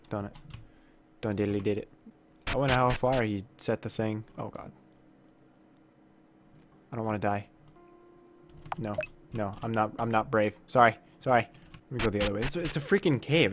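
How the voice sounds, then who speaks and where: A man's voice: lowish voice, noisy background. A man commentating a horror game as he plays, jumpy and exclaiming with minced oaths, reading the dialogue aloud. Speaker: gaming YouTuber. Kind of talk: let's play commentary.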